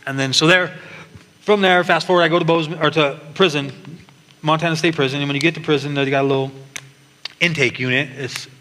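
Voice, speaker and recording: A man's bright, forceful, medium-pitched voice carries through a large church hall as he earnestly shares his personal testimony, restarting frequently. The recording has long reverb from the hall and faint noise behind him.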